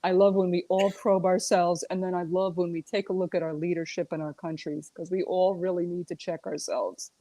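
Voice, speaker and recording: Woman correspondent; lower voice, lively chatty storyteller, dry close mic. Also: brisk, few pauses, no echo. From United States. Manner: animated storyteller, laughs a lot. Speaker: regular correspondent. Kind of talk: casual chat.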